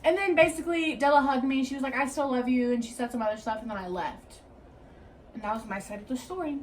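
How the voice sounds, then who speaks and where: A young woman casually telling her side of a story, relaxed, and trailing off quietly at the ends of her sentences. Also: high voice, quick pace. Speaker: co-host. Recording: mic at a distance, faint background hiss.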